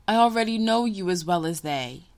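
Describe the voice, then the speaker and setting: A woman's voice: mid-range voice, animated, normal speed, natural voice. A woman reading a story, voicing an earnest seventeen-year-old boy who is eager and a little petulant. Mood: sulky. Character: earnest teenage boy, eager, sulky, impatient.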